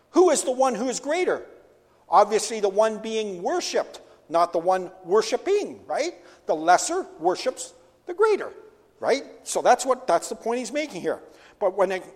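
A pastor preaches a sermon in a church sanctuary, posing rhetorical questions and answering them himself. His high voice is a little mellow, and the recording carries the long reverb of a church hall.

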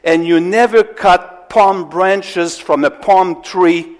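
A man preaching an expository sermon, asking his congregation questions and swinging between loud emphasis and hushed asides. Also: sits high, steady tone, slow. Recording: long hall reverb.

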